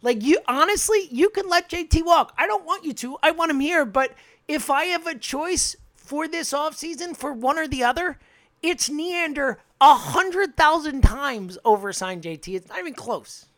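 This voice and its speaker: A co-host on a casual sports podcast who argues emphatically, gets animated and laughs easily. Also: high-pitched, normal speed, dry recording.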